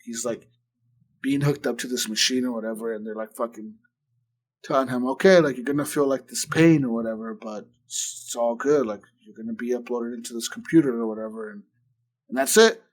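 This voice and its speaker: A man's voice: mid-range voice, brisk. A man co-hosting a podcast in casual chat, rambling through a retelling full of "like" and swearing, acting out what others said. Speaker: podcast co-host.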